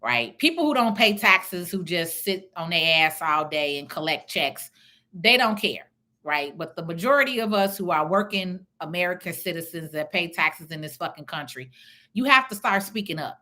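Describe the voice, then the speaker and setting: A middle-aged Chicago woman, a real estate investor, hosts a casual livestream and fires back at viewer comments with blunt, profane, animated talk. Her voice is fairly low and her pace moderate.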